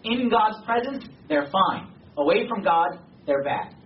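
A man's voice: high voice, expressive, measured pace. Male pastor, conversational, grows emphatic; distant mic, roomy echo, dull sound. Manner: conversational, emphatic, rising to passionate exhortation. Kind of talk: sermon. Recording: distant, echoey, dull sound with faint noise.

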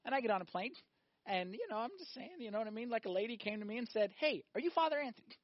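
A male priest giving a sermon, animated, firing off rhetorical questions and acting out little scenes. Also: high voice, rapid-fire, dry recording, highs cut off.

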